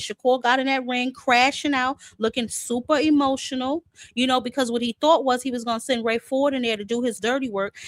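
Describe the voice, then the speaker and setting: A woman's voice: high voice, no room sound. A woman host, giving sassy, chatty boxing commentary full of fillers. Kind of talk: casual commentary.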